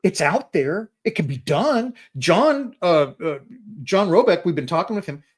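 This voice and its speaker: Excitable rambling man with a lively voice. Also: sits high, unhurried. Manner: excitable, rambling, repeats words when starting sentences. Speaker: host. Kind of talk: live-stream Q&A chat.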